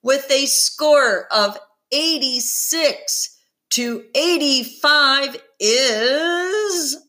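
A woman voicing a male television quiz show host who announces in a grand, drawn-out style with dramatic pauses. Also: high-pitched, lively intonation, sharp tone, voice pushed up, exaggerated voice. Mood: announcing.

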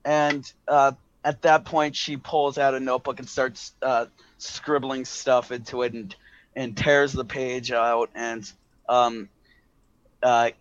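A man narrating a tabletop game as game master, rambling with many pauses and restarts. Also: medium pitch, little pitch movement, no room sound. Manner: rambling, full of fillers and restarts. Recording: dull lo-fi, dry.

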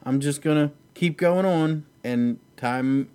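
A man's voice: a little high, slow, dark tone, smooth. A man hosting a casual, profane chat about fights, rambling and laughing easily. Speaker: podcast host.

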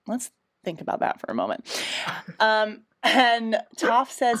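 A woman's voice: on the high side, very animated, measured pace. Giggly rambling woman recapping a show. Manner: rambling, giggly, self-deprecating. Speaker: podcast co-host recapping an episode. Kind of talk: casual chat.

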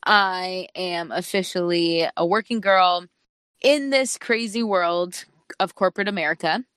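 A woman's voice: lowish voice, smooth, no room sound. Bubbly young woman, dry close sound. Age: 20s. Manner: bubbly and excitable, quick to laugh. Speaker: podcast co-host. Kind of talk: casual podcast chat.

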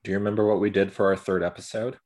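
A man co-hosting a casual podcast over a video call, laughing often and speaking in quick bursts. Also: sits low, little pitch movement, darkish tone. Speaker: podcast co-host. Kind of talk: casual chat.

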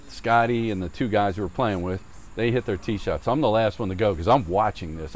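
A man telling a golf story in casual chat, swearing often and acting out the shouting people in it. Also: on the low side, slight background noise. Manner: animated, swearing, mimics yelling voices in stories.

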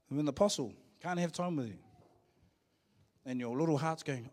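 A man's voice: medium pitch, quick pace, darkish tone. A middle-aged man with a New Zealand accent preaching a sermon in a church, joking and calling out to the congregation. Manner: joking, playful preaching with call-and-response. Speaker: pastor.

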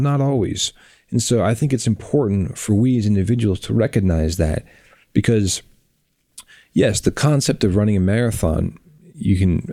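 Low dark-voiced man hosting a podcast. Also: no echo, clean studio sound. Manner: blunt, earnest, drawn-out pauses. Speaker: podcast host. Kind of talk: reflective podcast commentary.

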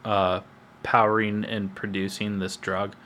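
A young man with a lowish voice talks through a show episode in a relaxed, meandering way. He often trails off mid-thought before picking the point back up. This is easygoing podcast chat between friends. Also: measured pace, a little hiss or hum. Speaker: podcast co-host. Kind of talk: casual chat reviewing a TV episode.

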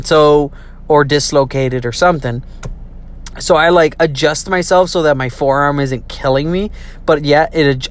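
Young adult storyteller, casual, profane, animated, jumps between voices. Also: medium pitch. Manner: profane, animated, acts out quotes.

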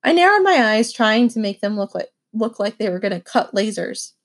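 A woman reading a children's novel aloud with expressive first-person narration. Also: mid-range voice, normal speed. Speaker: audiobook reader.

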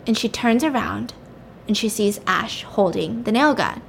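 A woman casually telling a fictional crime story out loud, chatty and peppered with "like.". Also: mid-range voice, animated, measured pace, creaky, slight background noise. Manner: chatty, filled with "like".

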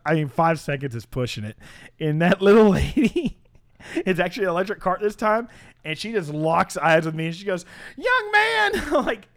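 Guy co-hosting a podcast, animated storyteller, laughs a lot, kinda high voice, dry mic. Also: a little fast, no room sound. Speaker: podcast co-host. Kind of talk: casual chat.

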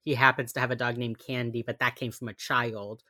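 A young woman co-hosting a casual chat, recapping a TV episode and acting out quotes with sudden loud bursts. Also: a bass voice, level tone, a little fast. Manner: chatty, acts out quotes with sudden yells. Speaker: podcast co-host recapping a TV episode.

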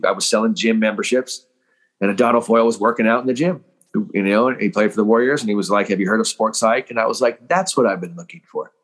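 Emphatic man giving a motivational talk. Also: medium pitch. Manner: animated, emphatic, acts out quoted voices. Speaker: mental training coach.

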